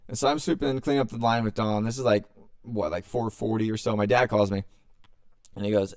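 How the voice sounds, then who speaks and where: A man's voice: fairly low pitch, steady tone, quick pace, a little mellow, clean tone, no room sound, clean studio sound. A young man, hosting a podcast and telling a long story in a loose, profane way, acting out quotes as he goes. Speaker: podcast host. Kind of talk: casual storytelling.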